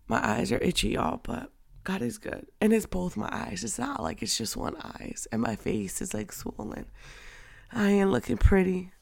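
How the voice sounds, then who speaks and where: A young woman hosting a faith-based talk show, speaking off the cuff in a candid, chatty way, laughing often and moving between quiet and loud. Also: medium pitch, big pitch swings, normal speed, gravelly, no room sound, studio quality. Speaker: faith-based podcast host. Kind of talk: unscripted casual girl talk. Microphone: audio only, not on camera.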